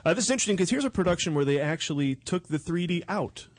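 A man hosting a comedy movie talk show, delivering jokes in a deadpan way. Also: high-pitched, fast, no echo. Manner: jokey, deadpan asides. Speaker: show host.

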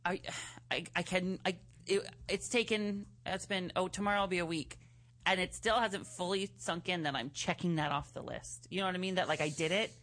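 A man hosting a talk show in casual chat, animated and giggly, quick to tease. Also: high voice.

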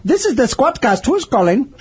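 A man hosting a call-in podcast, playful and teasing, quick with innuendo and jokes. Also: very high-pitched, very animated, a little mellow, slightly rough. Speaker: podcast host. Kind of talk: joking call-in show banter.

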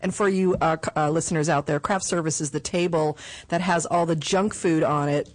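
A woman's voice: sits low, steady tone, no room sound. A woman hosting a radio talk show, bubbly and teasing with her guests. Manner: bubbly, giggly, quick to tease. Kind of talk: casual radio chat.

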